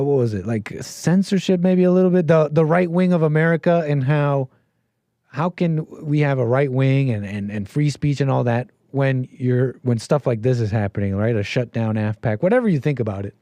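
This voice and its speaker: A man's voice: fairly high pitch, warm tone, no room sound. A man hosting a call-in show, talking casually and rambling, with lots of restarts and easy laughs.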